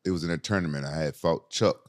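A middle-aged man appears as a fighter guest, telling stories in a casual chat full of swearing. His voice rumbles low, he talks quickly, and his storytelling is animated and profane.

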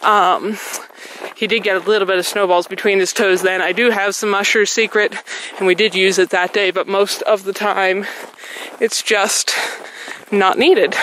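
A woman's voice: mid-range voice, fairly even intonation, moderate pace, a bit bright, a little hiss or hum, rough recording. A woman vlogging while walking her dog on a snowy trail outdoors. She is a little out of breath and keeps praising the dog. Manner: chatty, praises dog often. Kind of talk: casual vlog narration while walking a dog.

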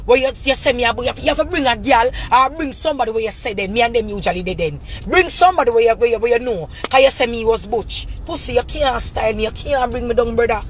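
A woman's voice: fairly high pitch, quick pace, hardly any pauses. A woman with a Jamaican Patois accent delivering an angry, profane, repetitive rant straight to camera. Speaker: vlogger.

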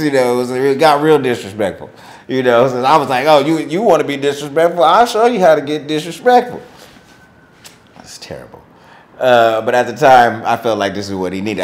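Middle-aged man, interview guest, slangy casual storyteller who acts out quotes loudly. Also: mid-range voice. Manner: animated, acts out quotes in raised voice; slangy, filler-heavy speech.

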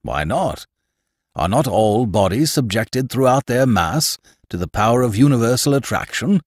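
A man's voice: mid-range voice, lively intonation, moderate pace, no room sound, clean studio sound, natural voice. A man voicing a self-assured older professor who explains matters to his nephew. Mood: confident. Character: confident older male professor, lecturing uncle.

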